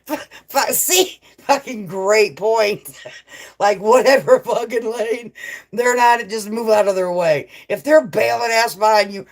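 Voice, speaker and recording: A woman's voice: on the high side, slow. A middle-aged woman hosting a casual live chat, laughing often and swearing freely as she reads viewers' comments. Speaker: livestream host.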